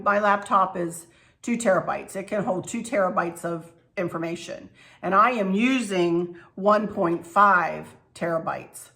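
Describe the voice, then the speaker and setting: A woman's voice: on the low side, bright, forceful tone. A middle-aged woman, chatting casually to camera as a channel host, rambling and effusive.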